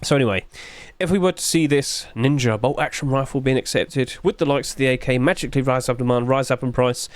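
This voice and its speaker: A sleepy man chatting his way through game skin reviews, rambling along with sudden high-pitched exclamations. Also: fast talker, no room sound. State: sleepy, yawning. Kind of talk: casual screen commentary.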